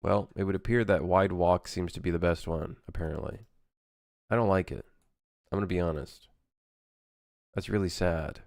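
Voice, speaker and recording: A man's voice: deep voice, fairly even intonation, normal speed, creaky, long pauses, darkish tone, dry recording, studio quality. A young man chatting casually on a game development live stream, rambling and correcting himself as he reads chat.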